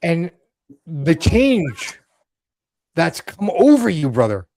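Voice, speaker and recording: A man's voice: a little high, wildly swooping pitch, slow pace, mellow. A man from Canada chatting on a podcast roundtable in a laid-back way, calling everyone brother. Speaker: podcast co-host. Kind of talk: casual chat.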